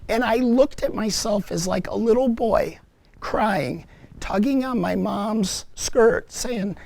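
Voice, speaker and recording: Slow, gravelly man telling a personal story. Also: high voice, a little mellow. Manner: earnest, reflective storytelling with halting restarts. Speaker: speaker giving a personal witness to a parents group. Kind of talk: personal testimony talk.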